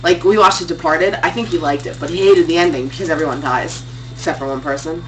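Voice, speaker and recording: A young woman tells crude, teasing family stories in a loose, animated way. She sits away from the mic, so her voice sounds distant. A faint hum runs under her. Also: low-pitched, fast talker. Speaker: streamer's sister. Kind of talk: casual chat.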